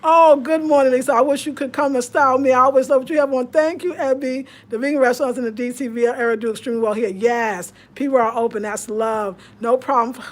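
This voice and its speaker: A woman, chatting casually with viewers on a livestream, swinging between loud laughter and hushed murmurs. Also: sits high, steady tone, fast, hardly any pauses. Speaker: vlogger.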